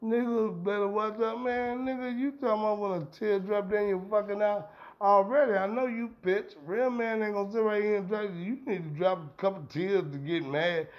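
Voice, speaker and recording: A middle-aged man rants on a podcast, heated and profane, his talk rambling from point to point. His voice sits high for a man. The recording is dull and lo-fi. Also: steady tone, moderate pace. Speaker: podcast host. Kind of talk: profane ranting commentary. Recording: dull lo-fi sound.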